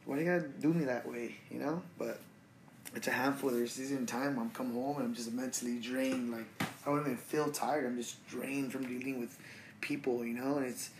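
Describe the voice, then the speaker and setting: A young man hosting a solo podcast, talking in a relaxed, slangy way as he rants about his day. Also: mid-range voice, normal speed, background noise. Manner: relaxed, slangy and ranting, full of fillers. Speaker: podcast host. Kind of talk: casual solo podcast monologue.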